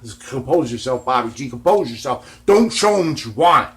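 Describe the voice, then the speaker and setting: A man telling a long story in a laid-back, rambling way. He swears freely, fills every line with "man" and "you know what I mean", and swings between loud and hushed. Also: mid-range voice, moderate pace. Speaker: guitar vlogger.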